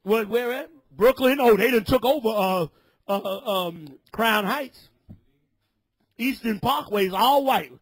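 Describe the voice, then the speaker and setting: A man preaching a fiery sermon, shouting and scolding his listeners. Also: high-pitched, takes it slowly, breathy edge, no echo.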